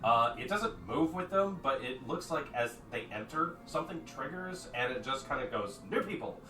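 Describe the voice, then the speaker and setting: An animated man runs a tabletop game, narrating with a bright, lively voice that swings in pitch. He sounds some way off from the mic in an echoey room, with faint noise underneath. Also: moderate pace, far from the mic. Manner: animated, jumps into shouted character voices. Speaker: game master.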